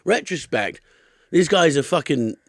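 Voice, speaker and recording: A man's voice: on the high side, sing-song, a little slow, no room sound. Sweary storytelling man, dry studio sound. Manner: storytelling with put-on voices, sweary. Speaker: comedy podcast host. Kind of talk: casual chat.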